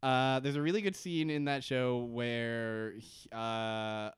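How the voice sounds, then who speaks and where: A man's voice: medium pitch, fairly even intonation, slow, clean tone, no room sound, clean studio sound. A young man co-hosting a podcast, recapping TV in a rambling, jokey way and swearing often. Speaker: podcast co-host. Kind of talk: casual TV recap chat.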